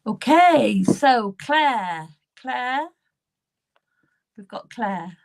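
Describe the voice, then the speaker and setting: A British woman medium gives live card readings in a warm, reassuring way, often repeating the client's name and other phrases as she draws cards. Her voice is fairly high with lively intonation, and she speaks at a measured pace.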